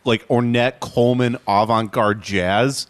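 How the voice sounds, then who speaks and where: A man's voice: medium pitch, steady tone, measured pace, dry recording. A man co-hosting a podcast, explaining things in loose, rambling casual talk. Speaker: podcast co-host.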